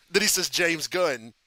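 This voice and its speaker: Bright, sharp-voiced man chatting casually. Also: on the high side, no room sound. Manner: laughs often, swears freely, rambling asides. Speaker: live reaction streamer. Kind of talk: casual live reaction commentary.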